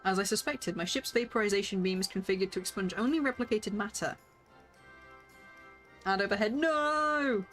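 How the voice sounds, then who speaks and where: A woman's voice: medium pitch, fast talker, few pauses, faint music behind. A woman streaming a game, chatting playfully with viewers and reading character lines aloud with lots of laughter.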